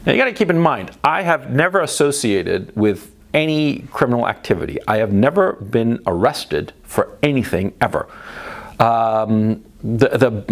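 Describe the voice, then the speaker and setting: A middle-aged man hosts a casual storytelling monologue, rambling and profane. His voice sits at an ordinary pitch for a man. He keeps tossing tag questions at the listener as he goes. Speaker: host.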